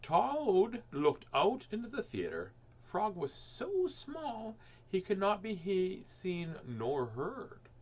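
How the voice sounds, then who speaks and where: Animated male storybook reader. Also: sits high, slow pace, slightly rough. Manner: animated, expressive reading. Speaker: children's book reader, host. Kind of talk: storybook read-aloud.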